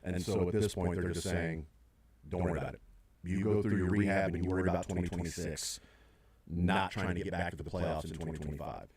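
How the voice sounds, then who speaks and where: Rambling low-voiced sports radio host. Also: male voice, fairly even intonation, fairly quick, a little mellow. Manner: rambling, many fillers and restarts.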